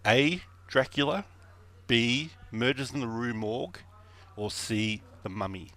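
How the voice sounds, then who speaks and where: A man's voice: medium pitch, unhurried, fairly bright tone. A man guesting on a podcast as quizmaster, reading trivia questions with a dry, wry manner.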